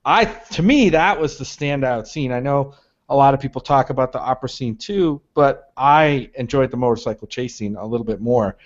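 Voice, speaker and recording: A man's voice: mid-range voice, normal speed. A man co-hosting a podcast, chatting casually about a movie in a thoughtful, story-minded way with many restarts. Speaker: podcast co-host. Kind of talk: casual movie review chat. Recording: dull lo-fi podcast audio.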